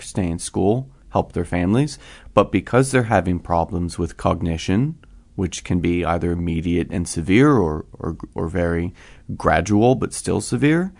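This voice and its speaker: Brief: deep, gravelly man, calm researcher explaining things step by step. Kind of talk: explanatory interview answers.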